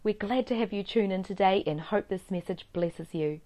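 A woman reading a smooth, even, scripted podcast introduction. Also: medium pitch, moderate pace. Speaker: podcast announcer.

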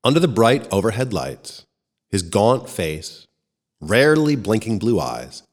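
A man reads a first-person short story aloud with an expressive storytelling manner. His voice is fairly low but swings widely in pitch. The recording carries a long, hall-like reverb. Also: a little slow. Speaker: narrator.

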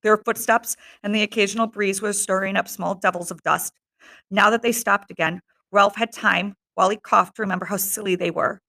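A woman teacher reading a novel aloud to her class in a steady, measured narration. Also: medium pitch, gravelly.

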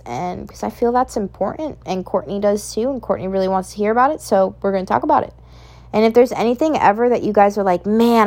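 A young woman hosting a casual solo podcast, ranting in a profane, emphatic, motivational way. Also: mid-range voice. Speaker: podcast host.

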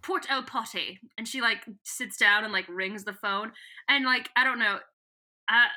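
A woman's voice: a little high, pushed and bright. A woman co-hosting a podcast, recapping a book in casual, profane, giggly chat and acting out the characters' lines. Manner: giggly, profane, acts out lines in put-on voices.

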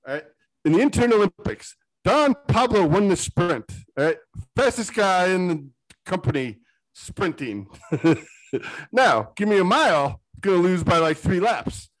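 A man talks in a casual sports podcast, excitable and rambling as he drifts between tangents. His voice sits a little high for a man. The recording is dry and close, with no room sound. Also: no room sound, poor audio. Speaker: podcast co-host.

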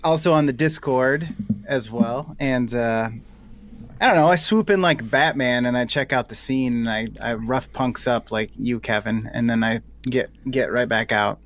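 A man's voice: mid-range voice, moderate pace, a little hiss or hum. A man chats on a podcast in a joking, tongue-in-cheek way. His voice sits in the middle of the male range, with nothing unusual about it. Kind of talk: casual banter.

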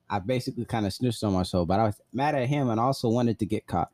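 Mellow-voiced man telling a rambling story. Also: lowish voice, quick pace, no room sound, clean studio sound. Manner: blunt, profane, rambling retelling with filler "like". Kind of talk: casual personal storytelling.

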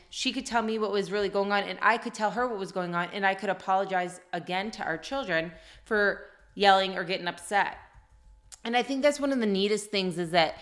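A woman's voice: medium pitch, fairly bright tone. A middle-aged woman in casual podcast chat, telling heartfelt family stories in an earnest way. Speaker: podcast co-host.

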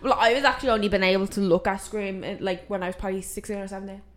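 A young woman with an Irish accent, co-hosting a podcast in casual chat, trading stories and chiming in with quick agreement. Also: mid-range voice. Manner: chatty, quick back-and-forth, short agreeing replies. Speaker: podcast co-host.

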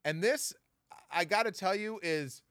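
A man in his thirties from Southern California, casually telling profane stories on his podcast with big jumps in pitch. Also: measured pace, a bit bright, no echo, studio quality. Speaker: podcast host. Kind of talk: casual storytelling.

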